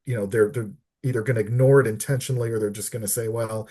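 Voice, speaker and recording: A middle-aged man, a podcast guest, telling a personal story earnestly and haltingly, often repeating words as he searches for them. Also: medium pitch, steady tone, darkish tone, husky. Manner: earnest, heartfelt. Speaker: podcast guest, disability advocate.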